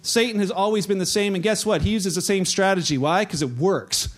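Male pastor with a high voice, preaching through anecdotes and playing every quoted voice himself. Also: brisk. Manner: storytelling, acts out quoted voices. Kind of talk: sermon.

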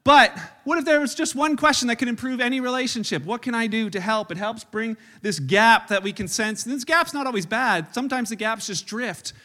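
A man's voice: extremely high pitch, a little fast, few pauses, bright, forceful tone. A man preaching a sermon in a church, telling chatty, self-deprecating family stories with lots of restarts. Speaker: pastor. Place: church service.

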